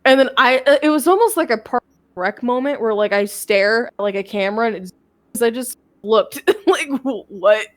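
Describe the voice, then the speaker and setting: A woman's voice: on the high side, a little fast, dry recording. A young woman chatting on her stream as she tells a long story from her life. She rambles and swears freely, restarting sentences as she goes. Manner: rambling, profane, with frequent restarts. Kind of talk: casual storytelling chat.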